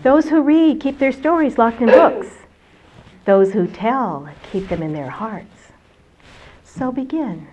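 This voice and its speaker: A woman voicing a wise old male elder who speaks slowly and patiently. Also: a little high, lively intonation, a little hiss or hum. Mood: gentle. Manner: slow, gentle, patient. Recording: dull lo-fi recording.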